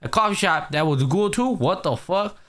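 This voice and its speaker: Speaking fairly quickly in a high-pitched voice, this man hosts an easygoing anime podcast. He narrates episodes with animated energy, swears a lot, and plays out the characters' lines.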